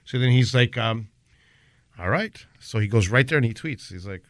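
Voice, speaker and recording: A man's voice: a little fast, no echo, clean studio sound. A man guest on a casual podcast, telling stories and mimicking people, talking with lots of energy. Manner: animated storyteller, mimics people in high voices. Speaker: guest chef.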